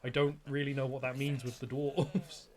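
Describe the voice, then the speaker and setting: Chatty, profane gaming streamer. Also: male voice, mid-range voice, steady tone, normal speed, crowd noise. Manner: chatty, profane, laughing often. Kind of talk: casual gameplay commentary.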